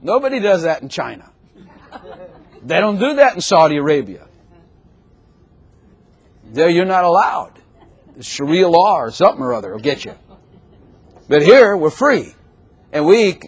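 A man preaching a sermon in a lively, conversational way, with sudden exclamations. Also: fairly high pitch, husky.

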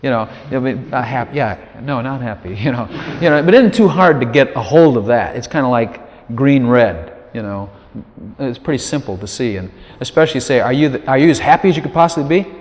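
Speaking at a medium pitch, this man delivers a casual, folksy sermon in a brisk, animated voice with a slightly mellow tone. He keeps tossing "you know" asides to his listeners and acts out quoted prayers by raising his voice. A long hall reverb hangs over the recording.

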